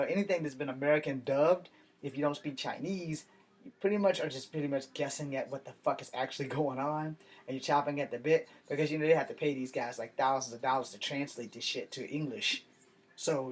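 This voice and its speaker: A man's voice: mid-range voice, brisk, slightly rough. A man ranting to camera in a blunt, combative monologue full of swearing. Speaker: vlogger.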